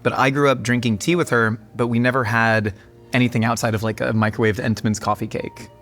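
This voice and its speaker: A man's voice: medium pitch, little pitch movement, fast talker, a bit bright, faint music behind. A man hosting a food show, presenting dishes in a jokey, upbeat way. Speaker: host.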